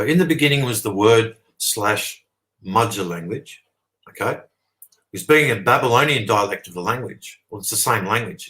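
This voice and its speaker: A lowish, grounded male voice with an Australian accent, holding forth at length as a guest. He drives his points home with stress on key words and keeps pausing to ask "okay?" before pressing on. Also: pushed and bright, rough recording. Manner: emphatic, checks in with "okay?", leans on "sort of". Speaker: interview guest. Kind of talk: long explanatory monologue.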